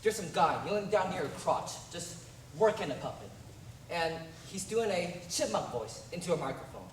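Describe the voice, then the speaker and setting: A woman's voice: lively intonation, moderate pace, close to an everyday voice. A woman on stage playing a frustrated young male television actor who complains in an exasperated, whiny way. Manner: exasperated, whiny complaining with big pitch swings. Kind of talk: amateur stage play. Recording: distant echoey stage recording with faint hiss.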